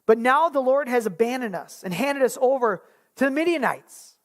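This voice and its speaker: A speaker voicing a frightened, doubting young man hiding from his enemies, raising the pitch and questioning in disbelief. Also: lively intonation, normal speed. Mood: incredulous. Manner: incredulous, exasperated questioning.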